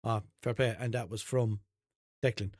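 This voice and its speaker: A man's voice: lowish voice, steady tone, moderate pace, no echo, clean studio sound. A man from Limerick with a Limerick Irish accent, hosting an unscripted podcast in a rambling, sweary, jokey way. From Limerick, Ireland. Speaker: podcast host. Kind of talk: unscripted casual podcast chat.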